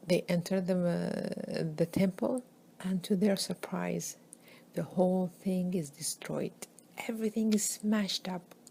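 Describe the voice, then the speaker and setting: A woman's voice: on the low side, mellow. A woman telling a religious story in a conversational way, often checking in with "okay?" and repeating words for emphasis.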